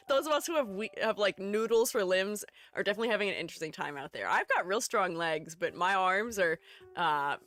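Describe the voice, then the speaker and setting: A woman's voice: medium pitch, animated, normal speed, a bit bright, no echo. A young adult woman streaming live, chatting casually, reading chat messages aloud and laughing often. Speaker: streamer and art educator.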